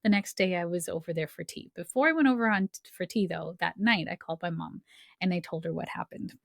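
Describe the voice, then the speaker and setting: Woman podcast host, low gravelly voice, dry close sound, chatty storyteller who acts out quotes. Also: fast talker, no echo. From Canada. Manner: chatty, filler-heavy, laughs often, acts out quoted voices. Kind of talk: personal storytelling monologue.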